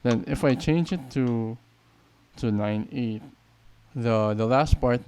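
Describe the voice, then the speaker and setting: A man's voice: medium pitch, unhurried, dark tone, clear, resonant tone. A man teaching a piano tutorial, counting beats aloud and explaining patiently. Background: piano playing.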